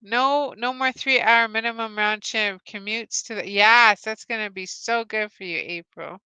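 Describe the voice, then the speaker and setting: Cheerful woman hosting bright Bible trivia. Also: a little high, a little slow, smooth, no echo. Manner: cheerful, laughs often, greets and reads out viewers. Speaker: host. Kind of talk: live-stream Bible trivia with chat.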